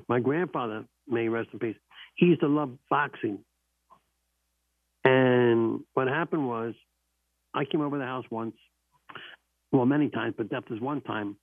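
A man's voice: medium pitch, no room sound. A man hosting a call-in show, telling stories and running a quiz, with emphatic repetition. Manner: emphatic, repeats key phrases. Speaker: radio call-in host. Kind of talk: casual storytelling and quiz hosting. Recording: narrow phone-like sound, dry.

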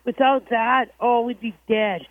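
A woman's voice: on the high side, fairly even intonation, a little slow, dry recording. A woman calling a radio show, chatty and jokey, who often restarts her sentences. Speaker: caller. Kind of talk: casual call-in chat. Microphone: telephone. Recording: tinny phone line, dry.

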